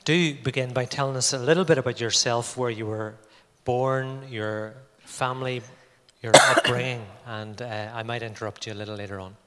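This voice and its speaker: Male interview host, mid pitch, halting and gently teasing delivery, reverberant hall. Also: steady tone. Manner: hesitant, gently teasing, with frequent uhs. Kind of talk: interview introduction.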